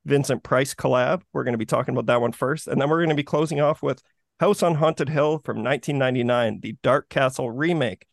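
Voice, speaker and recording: A man's voice: medium pitch, a little fast, creaky, no echo, clean studio sound. A man co-hosting a horror movie podcast, chatting casually with many fillers and restarts. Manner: relaxed, rambling, many fillers. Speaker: podcast co-host. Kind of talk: casual chat.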